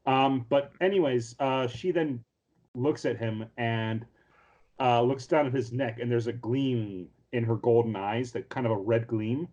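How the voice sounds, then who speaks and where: Man, podcast co-host, casual anime recap, rambling, lots of ums, mid-pitched voice. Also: steady tone, a little slow, darkish tone, highs cut off. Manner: rambling, filler-heavy storytelling with many restarts.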